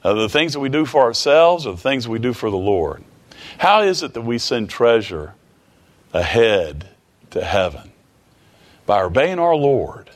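Male preacher, folksy sermon delivery, repeats himself, average pitch. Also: sing-song, a little slow. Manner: folksy, repeats phrases, chuckles often.

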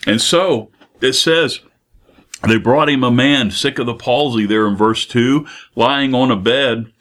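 A man preaching a sermon, earnest, posing rhetorical questions and slowing down for emphasis. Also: medium pitch, fairly bright tone.

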